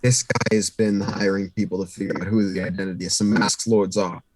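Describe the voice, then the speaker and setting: A man playing in a tabletop game, talking through his character's plans in a quick, joking way. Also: lowish voice, steady tone, no room sound. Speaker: player. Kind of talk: casual tabletop play.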